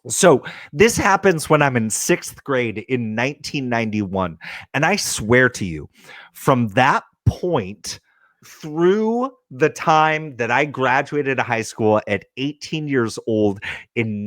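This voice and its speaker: A man's voice: mid-range voice, slow pace, no echo. A man in his forties from California, telling a comic story, cursing freely and acting out quotes. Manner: animated, profane, acts out quotes. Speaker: podcast host.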